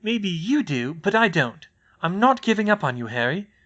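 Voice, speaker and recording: A loyal, stubborn teenage witch girl, as a man reading the storybook puts her on. Her voice sits higher than his plain narration and stays firm and pleading. She refuses to back down for anyone. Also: very animated, moderate pace, fairly bright tone, highs cut off. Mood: defiant.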